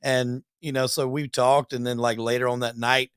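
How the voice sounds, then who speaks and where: A man with a middle-pitched voice talking loosely, with some restarts, as a podcast host. The sound is dry and close to the mic. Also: level tone, normal speed, a bit bright, clean tone, dry recording. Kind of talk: casual chat.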